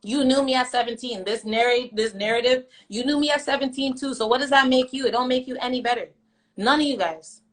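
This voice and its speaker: Young woman with a high voice, blunt and defiant, cussing a lot, repeats stuff for emphasis. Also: brisk, rough recording. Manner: blunt, defiant, heavy profanity. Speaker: vlogger. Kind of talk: story time rant to camera.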